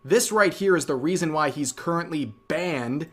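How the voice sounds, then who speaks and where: A man's voice: fairly high pitch, moderate pace. A man hosting a commentary video, narrating clips with dry sarcasm. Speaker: commentary channel host.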